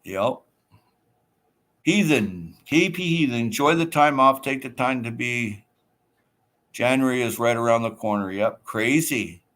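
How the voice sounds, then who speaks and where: Hosting a casual livestream, a man with a mid-range, slightly bright voice talks a little slowly and pauses often. He's chatty and easygoing, reading out viewer comments and answering them.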